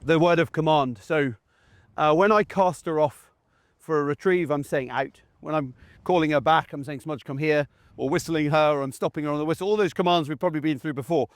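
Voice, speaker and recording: A man teaching gundog handling out in a field, his voice sitting a little high. He talks the viewer through each step in a chatty way and breaks off to call short commands to his dog. The sound is dry and close, with no room echo. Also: a little fast. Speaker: gundog trainer. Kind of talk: instructional talk while working a dog in the field. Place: outdoors in a field beside a game crop.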